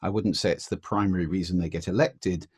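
A man's voice: deep voice, steady tone, a little fast, breathy edge, no room sound, clean studio sound. A man answering interview questions about the voice, explaining and demonstrating voice techniques. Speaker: voice expert guest.

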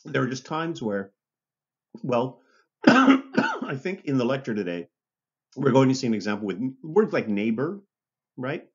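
Guy lecturing, lively up-and-down voice, keeps saying okay right, kinda muffled lo-fi recording. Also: medium pitch, measured pace, long pauses, husky. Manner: conversational, checks in with "okay?" and "right?"; restarts and self-corrections. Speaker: university instructor.

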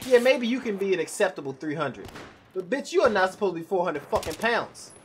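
A man's voice: high voice, sing-song, brisk, a little hiss or hum. A young man ranting bluntly and profanely while commenting on his own gameplay. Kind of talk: live gameplay commentary rant.

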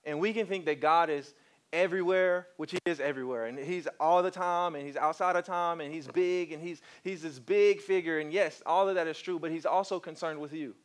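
A male preacher gives a sermon in a fairly high voice. He tells stories with animation and keeps coaxing his congregation to answer back. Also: fairly quick. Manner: animated storytelling, coaxes the congregation.

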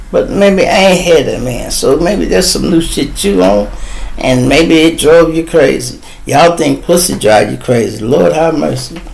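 A middle-aged man from Chicago with a Chicago accent, hosting a casual commentary rant and talking straight to his viewers, animated and swinging between loud and soft. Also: on the high side, creaky, rough recording. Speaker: host of a commentary channel.

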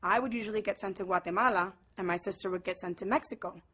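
A young woman from Brooklyn telling a personal story to the camera, lively and mixing in Spanish. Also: mid-range voice, quick pace, breathy edge. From Brooklyn, New York. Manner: lively, switches between English and Spanish.

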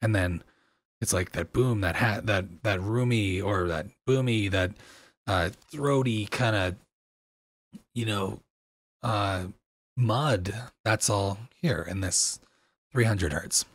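A man with a slight crunch in his voice, explaining audio software in a casual, loose tutorial with plenty of fillers, into a dynamic microphone. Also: fairly low pitch, slow pace, pauses often, dry recording.

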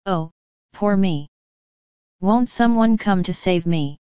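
A woman's voice: mid-range voice, animated, slow pace, clear, resonant tone, no room sound. A woman voicing a frightened wooden marionette boy who sobs and pleads, in a storybook reading. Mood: pleading. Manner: sobbing, pleading. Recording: slightly muffled, dry.

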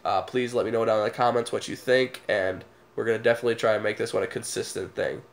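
A man's voice: lowish voice, steady tone, quick pace. Laid-back young man telling stories. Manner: laid-back, laughs at his own stories. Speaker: vlogger. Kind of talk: casual storytelling to camera.

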